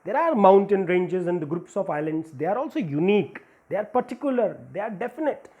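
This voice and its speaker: High-voiced teacher. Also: male voice, animated, fairly quick, warm tone, muffled recording. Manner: patient, repeats and lists examples to stress each rule. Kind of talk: grammar lesson for school students.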